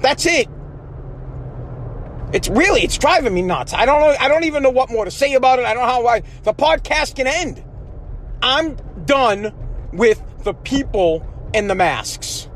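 A man's voice: extremely high pitch, animated, moderate pace, fairly bright tone, slight background noise. A man hosting a solo podcast, ranting in an aggravated, profane way with many restarts, recorded in his car. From United States. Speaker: podcast host. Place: in a parked car.

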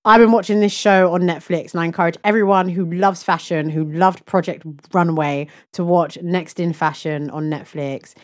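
Young woman hosting a podcast, bit low voice, chatty, laughs a lot. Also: fairly even intonation. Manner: chatty, laughs often, drawn-out emphatic words. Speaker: podcast co-host. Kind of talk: casual chat.

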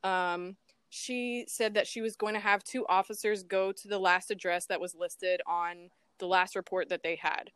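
A woman telling an interviewer about her missing mother, animated and emotional, acting out the voices from phone calls and laughing nervously at times. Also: mid-range voice, moderate pace, clear, resonant tone, dry recording. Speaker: guest, daughter of a missing woman. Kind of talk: emotional personal account in an interview.

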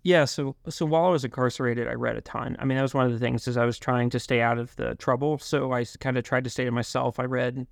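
A young man telling his life story in an interview, halting, with many fillers and restarts. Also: medium pitch, fairly even intonation, creaky, no room sound, clean studio sound. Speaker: guest. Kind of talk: reflective interview talk.

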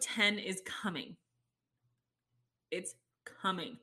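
Gushing young woman, excitable chatter. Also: lowish voice, normal speed. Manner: gushing, excitable fan talk with many "like"s and sudden squeals. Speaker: vlogger. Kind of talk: casual chat to camera.

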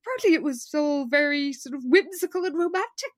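A woman co-hosting a podcast, recapping an episode in casual chat with giggly, animated storytelling. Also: sits high, quick pace, dry recording, studio quality. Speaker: podcast co-host.

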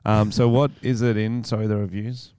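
A man's voice: on the low side, little pitch movement, normal speed, dark tone, smooth, dry recording, clean studio sound. A man co-hosting a casual podcast, playful and self-mocking. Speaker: podcast co-host.

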